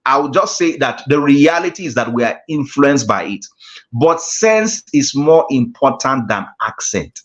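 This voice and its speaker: A man's voice: mid-range voice, expressive, a little slow. Man lecturing on a lo-fi call. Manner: emphatic, repeats key phrases. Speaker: guest speaker on communication. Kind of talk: lecture in an online class. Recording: dull lo-fi call audio.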